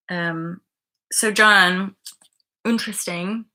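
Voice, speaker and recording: A woman's voice: lowish voice, moderate pace, sharp tone. A woman hosting a live online stream, talking passionately in a rambling way, swearing and reading out viewer comments.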